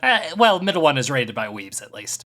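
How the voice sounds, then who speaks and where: A man hosting a casual podcast speaks with a bright, forceful tone and an animated pitch. He teases his co-host and sets up questions. His pitch moves around a lot as he talks. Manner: teasing, quick to laugh, asks leading questions. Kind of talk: casual chat.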